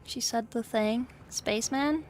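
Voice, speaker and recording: A woman's voice: on the high side, unhurried. A young English woman chatting casually with her livestream chat while painting, wry and talkative. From England. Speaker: streamer painting miniatures. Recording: faint music behind.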